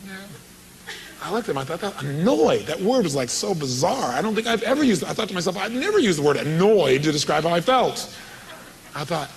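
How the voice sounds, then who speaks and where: A man's voice: high-pitched, big pitch swings, brisk, vocal fry, slight background noise, rough recording. A man giving a motivational seminar talk, telling a story with quoted dialogue and questions to the audience. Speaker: motivational speaker.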